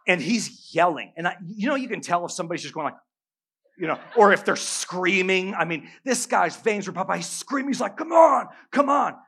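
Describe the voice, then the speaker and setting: Middle-aged guy pastor preaching, bright forceful voice, kinda high, jokey and animated. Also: a little fast, husky. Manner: animated, humorous storytelling that rises to loud bursts. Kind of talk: sermon with storytelling.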